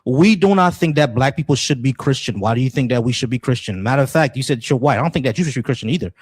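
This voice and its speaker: A man's voice: mid-range voice, expressive, quick pace, husky, no room sound, studio quality. A man hosting a live-stream talk show, brash and speaking straight to the audience. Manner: brash, addresses the audience directly. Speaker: host. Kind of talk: casual live-stream chat.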